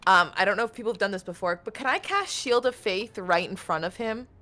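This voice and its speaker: A woman playing a tabletop game, excitable and thinking aloud as she plans a move. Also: mid-range voice, brisk. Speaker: player. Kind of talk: casual tabletop play.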